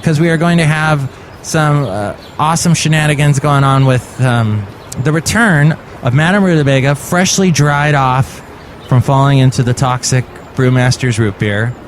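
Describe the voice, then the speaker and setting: A man hosting a comedy podcast, rambling from one goofy aside to the next. His sarcastic delivery sits in a mid pitch range. Faint noise runs under the voice. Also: normal speed. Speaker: podcast host.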